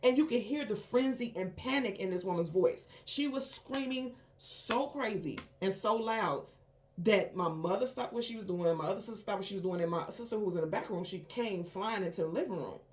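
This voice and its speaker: A woman talks straight to her viewers in an emphatic, storytelling way. Her pitch sits in an ordinary middle range, and she pushes hard on key lines with rising indignation. Her delivery is casual and conversational. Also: a little fast, darkish tone. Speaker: tarot reader, channel host. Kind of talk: casual spoken monologue.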